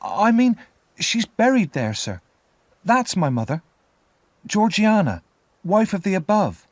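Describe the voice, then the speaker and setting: A frightened little boy, played by a man reading aloud, high and trembling as he begs and explains politely. The voice leaps around in pitch, and the recording is dry and close. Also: sing-song, takes it slowly, a little mellow, no echo, exaggerated voice. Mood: anxious polite. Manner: pleading, high and shaky. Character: frightened small orphan boy, timid and polite.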